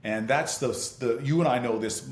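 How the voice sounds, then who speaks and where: A man, a senator and interview guest, telling a lively anecdote with laughter and vivid scene-setting. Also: medium pitch, moderate pace, roomy sound. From United States. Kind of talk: animated anecdotal storytelling.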